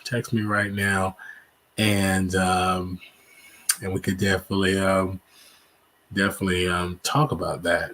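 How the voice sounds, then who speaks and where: A man hosting a casual livestream from home, talking to his viewers in a slow, meandering way with lots of fillers. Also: deep voice, a bit bright, slight background noise. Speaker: livestream host.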